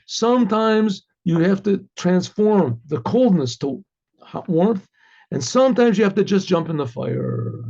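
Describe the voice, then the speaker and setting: A man teaching a Hasidic discourse as a rabbi, telling a story with lively acted dialogue and dropping in Yiddish phrases. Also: sits high, unhurried, gravelly, husky, highs cut off. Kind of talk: informal Torah lecture with story.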